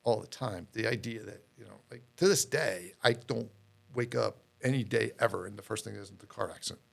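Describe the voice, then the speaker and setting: A man's voice: on the low side, fairly quick, creaky, fairly bright tone. A middle-aged man, a podcast guest, telling his story in a candid, rambling way with many fillers and repeated words.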